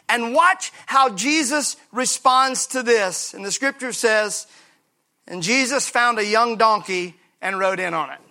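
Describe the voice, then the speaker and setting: Pastor, male, high bright voice, energetic, joking sermon with congregation repeating lines. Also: measured pace. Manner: lively preaching with call-and-response and humor. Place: church sanctuary.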